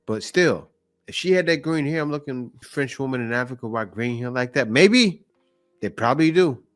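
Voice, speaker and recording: A man's voice: medium pitch, lively intonation, normal speed, faint music behind. A man hosting a reaction show, commenting on a clip in a skeptical, lecturing way. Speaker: host reacting to videos.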